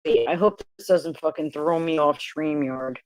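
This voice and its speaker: Hosting a laid-back livestream, this woman swears freely and speaks bluntly to her viewers. Her voice sits low and is a little mellow, at a moderate pace, with no room sound.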